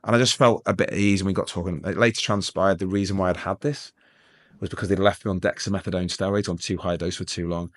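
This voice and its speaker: A middle-aged man from England with a deep, low voice tells his story at a rapid clip. He rambles, restarts his sentences, and drops jokes into serious moments. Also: fairly even intonation. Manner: rambling, self-interrupting, joking. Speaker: guest. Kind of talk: storytelling interview.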